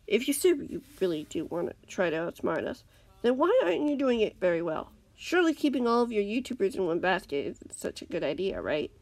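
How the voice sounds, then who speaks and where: Defiant captive hero, voiced by a woman, lively pitch, gravelly texture. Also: fairly quick, dry recording. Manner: wary, challenging.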